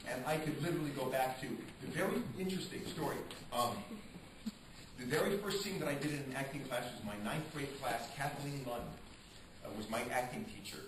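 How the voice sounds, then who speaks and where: Man telling stage stories in an echoey room. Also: mid-range voice. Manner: animated, acts out quotes, frequent restarts. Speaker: stage actor being interviewed. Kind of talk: casual interview storytelling. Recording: echoey room, distant mic, noisy.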